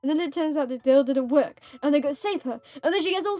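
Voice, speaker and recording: A woman's voice: high-pitched, fast, dark tone, no room sound. A woman streaming a story game, reacting in a playful, dramatic, jokey way. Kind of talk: casual gaming stream commentary.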